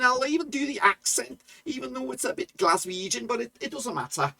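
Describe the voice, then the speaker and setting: A man hosting his own football management game channel, talking loudly and chirpily while he plays, rambling with many fillers. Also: extremely high pitch, very animated, quick pace, few pauses, faint music behind. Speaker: gaming channel host. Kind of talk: casual game commentary.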